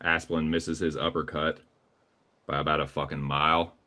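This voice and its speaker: A man's voice: very deep voice, level tone, moderate pace, bright, forceful tone. A man with a Southern US accent calling live fight action play by play, casual and profane. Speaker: play-by-play commentator.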